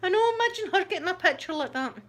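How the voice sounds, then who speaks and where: A middle-aged Scottish woman, the host of her channel, telling a story in a casual chat, animated and laughing often. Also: very high voice, quick pace.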